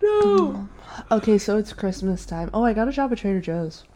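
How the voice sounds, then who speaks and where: A woman's voice: medium pitch, fast talker, warm tone, a little hiss or hum. A young woman co-hosting a casual chat, laid-back and often laughing. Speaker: podcast co-host.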